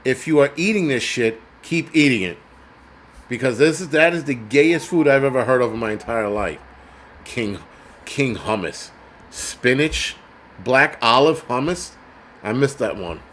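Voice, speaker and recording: A man's voice: mid-range voice, expressive, a little slow, fairly bright tone, a little hiss or hum. Blunt, foul-mouthed man ranting. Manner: profane, sarcastic and blunt. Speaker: host. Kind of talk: ranting commentary.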